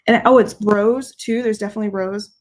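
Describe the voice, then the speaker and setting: Reading comments from viewers, the woman hosting this casual fragrance livestream talks briskly in a mid-range, slightly mellow voice with fairly even intonation. Her manner is candid and playful, full of laughter and free swearing.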